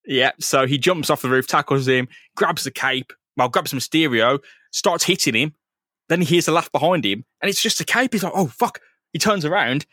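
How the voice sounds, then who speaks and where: A man co-hosting a podcast, casually retelling a comic book in an animated, crude, laughing way. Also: on the high side, moderate pace, no echo, clean studio sound. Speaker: podcast co-host.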